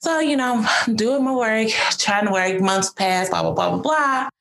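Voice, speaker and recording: A woman's voice: a little high, lively intonation, normal speed, vocal fry, a bit bright. A woman guest telling a personal answered-prayer story in a casual, emotional, rambling way, with a lot of "like". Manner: emotional, rambling, heavy use of "like".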